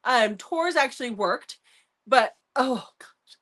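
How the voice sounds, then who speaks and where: A woman co-hosting a book review show, talking in an animated, rambling way and laughing often. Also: fairly high pitch, normal speed. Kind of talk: casual chat.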